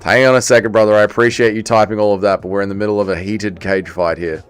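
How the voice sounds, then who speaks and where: Excitable Welsh man streaming fight commentary. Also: fairly low pitch, fast talker, clear, resonant tone. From Wales. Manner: excitable, chatty, reads chat aloud. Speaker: livestream host. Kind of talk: casual livestream watch-along commentary.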